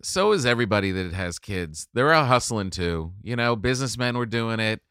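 A man appearing as a comedian guest in a casual chat, his bright voice swinging widely in pitch. He talks candidly and laughs often, with a dry, close sound. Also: animated, fairly quick, clear, resonant tone, no echo. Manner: chatty, laughs often, candid about emotions.

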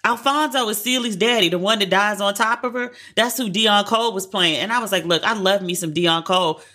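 Bright chatty woman gossiping on a podcast, animated. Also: brisk. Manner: animated, chatty, quotes herself in exaggerated high tones. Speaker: podcast co-host. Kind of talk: casual pop-culture chat.

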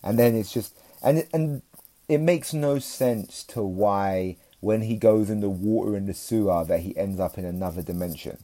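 A man's voice: fairly low pitch, normal speed, mellow. A young man, chatting as a comedian guest on a podcast in a laid-back, slangy, rambling way. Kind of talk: casual podcast chat.

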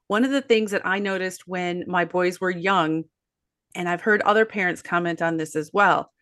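A woman's voice: fairly low pitch, steady tone, normal speed, fairly bright tone. A mother of boys in casual conversation, earnest and explanatory. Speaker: parenting podcast host or guest, mother of boys.

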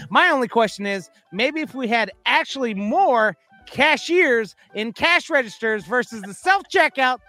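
A podcast co-host, this man talks in a high register and rambles through news items in casual chat. He easily winds himself up into a rant. His tone is bright and cutting. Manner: rambling, gets worked up and ranty.

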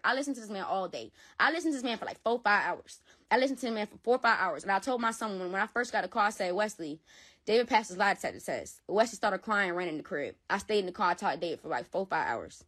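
A woman's voice: mid-range voice, expressive, fast talker, a bit bright. A woman giving an emotional personal account in an interview, heated and repetitive, swearing often. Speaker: interview guest.

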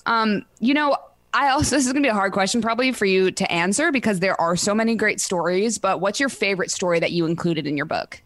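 A woman hosting an interview, asking questions and reacting with quick affirmations. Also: mid-range voice, fairly bright tone, no room sound. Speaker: podcast host.

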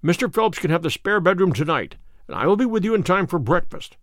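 A man reading aloud, voicing a sharp, commanding detective with a crisp, authoritative manner. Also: high voice, big pitch swings, fairly quick, no room sound, clean studio sound, full character voice.

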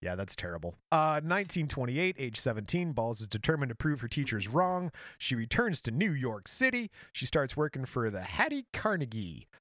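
A man's voice: mid-range voice, sing-song, moderate pace, hardly any pauses, a bit bright, no room sound, studio quality. A man in his thirties hosting a podcast, reading history notes aloud in a casual, jokey way. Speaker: podcast host. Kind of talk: casual storytelling chat.

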